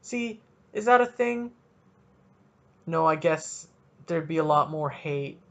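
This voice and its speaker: A man from Canada hosting a casual solo podcast, rambling and joking as he thinks out loud. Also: on the high side, expressive, takes it slowly, gravelly. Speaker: podcast host. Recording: dull lo-fi recording.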